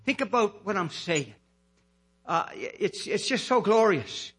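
A man preaching with a high, bright, husky voice. He hollers with passion, then slows right down to lean on the words that matter. The delivery is fervent and pleading throughout. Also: big pitch swings. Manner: hollering and impassioned, slowing to stress key words. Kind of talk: fervent sermon.

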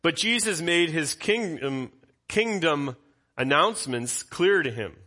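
A man's voice: on the high side, animated, measured pace, pushed and bright. A male pastor giving an expository Bible teaching in a conversational way, putting questions to his congregation.

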